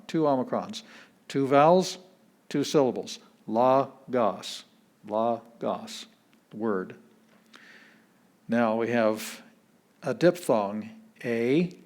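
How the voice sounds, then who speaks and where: Man, pastor, classroom teaching, relaxed, chatty, sounds out words slowly. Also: medium pitch.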